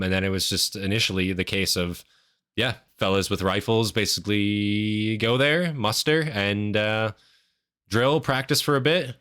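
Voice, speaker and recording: Canadian male reaction host, deep, bright-toned, dry close sound, halting casual delivery. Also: dry recording. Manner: rambling, hesitant, many fillers and "right?" tags.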